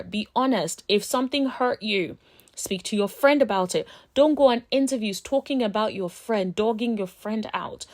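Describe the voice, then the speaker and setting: A woman giving casual commentary as a reality TV recap vlogger, telling stories in an animated way and acting out other people's lines. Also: mid-range voice. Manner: animated storytelling, acts out friends' voices.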